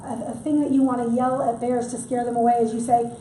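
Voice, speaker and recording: High-voiced woman giving a wildlife talk. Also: flat delivery, fast talker, dark tone, a little hiss or hum. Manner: chatty, joking asides. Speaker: wildlife presenter. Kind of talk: public workshop talk. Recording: echoey room, mic from far off.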